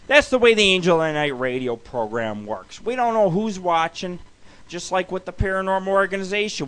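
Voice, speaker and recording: A man hosting an internet radio show, rambling through profane comic stories and breaking into loud shouts. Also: a little high. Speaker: host. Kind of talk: profane stand-up style monologue. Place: home recording for internet radio.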